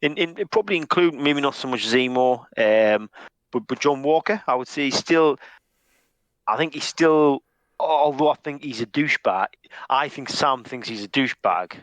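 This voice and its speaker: A man's voice: mid-range voice, normal speed, a bit bright, dry recording, poor audio. A man co-hosting a podcast, chatting casually and thinking aloud with many fillers and restarts. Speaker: podcast co-host. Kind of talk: casual chat.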